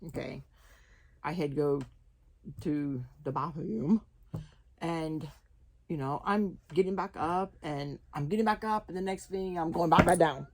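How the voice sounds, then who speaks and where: A young woman telling a humorous personal story, animated and laughing often, with halting restarts. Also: sits low. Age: young adult. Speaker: guest sharing her testimony.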